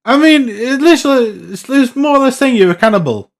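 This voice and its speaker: A man's voice: very high voice, animated, a little fast. A man, co-hosting a casual podcast chat, blunt, sweary and incredulous. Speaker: podcast co-host.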